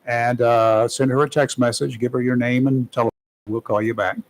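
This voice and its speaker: A man's voice: medium pitch, level tone, normal speed, rough recording. Guy hosting a local talk radio show, folksy and jokey, lots of uhs, studio mic. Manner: folksy and joking, with many fillers. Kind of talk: casual talk radio commentary.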